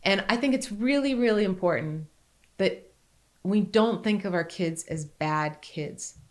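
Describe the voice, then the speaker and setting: A woman's voice: unhurried, a little mellow. A middle-aged woman co-hosting a podcast, speaking in an earnest, emphatic conversational way. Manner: earnest and emphatic, rising in pitch when making a point. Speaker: podcast co-host.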